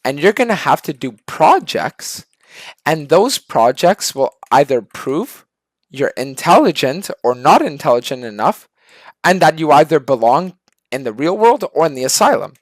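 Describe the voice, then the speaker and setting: A man's voice: on the high side, big pitch swings, normal speed, no room sound. A man voicing a pushy, upbeat school official who insists a terrible plan is fun. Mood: pushy cheerful.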